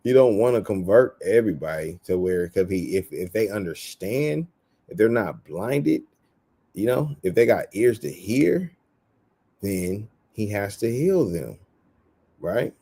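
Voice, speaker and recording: A man teaches scripture in loose, slang-heavy street talk and acts out the voices of the people in the story. His voice is dark and gravelly with a husky edge. His pitch swings widely as he talks. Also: sing-song, unhurried. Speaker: street preacher.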